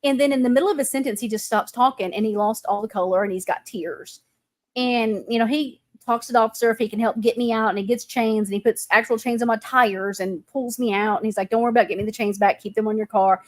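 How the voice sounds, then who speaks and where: A woman's voice: a little high, fairly quick. A woman host, telling stories in a casual chat. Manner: animated storytelling.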